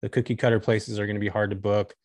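A man's voice: fairly low pitch, little pitch movement, fast talker, no room sound, clean studio sound. A man talking candidly and enthusiastically as a guest on a casual podcast chat. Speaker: guest, short-term rental host.

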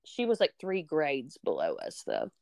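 A young woman hosting a podcast, casually telling a story with animated energy and frequent swearing, acting out the people she quotes. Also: deep voice, measured pace, vocal fry, dry recording, studio quality. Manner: animated, acts out quoted voices, swears freely. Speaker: podcast host.

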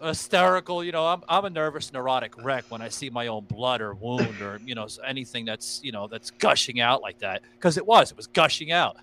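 Bright-voiced rambling podcast host man. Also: medium pitch, fairly quick, few pauses. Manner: rambling, profane storytelling with many fillers. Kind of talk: casual podcast chat.

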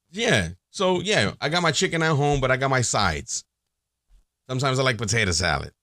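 A man talks alone on his podcast, crude and joking, tumbling from one thought to the next with plenty of fillers. His pitch leaps around animatedly. The sound is dry, with no room echo. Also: very animated, normal speed, pushed and bright. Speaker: podcast host. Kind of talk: casual solo podcast monologue.

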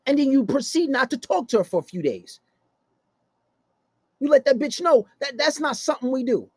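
A man's voice: extremely high pitch, animated, moderate pace, a little mellow, husky, no room sound. Blunt, foul-mouthed man ranting. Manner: aggressive, blunt, heavy cursing. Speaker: host. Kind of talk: profane relationship-advice rant.

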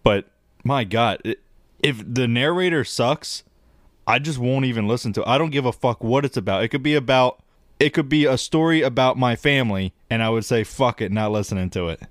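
A man's voice: medium pitch, a little fast, dry recording, clean studio sound. A man co-hosting a podcast, talking bluntly and swearing freely. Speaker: podcast co-host. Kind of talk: casual chat.

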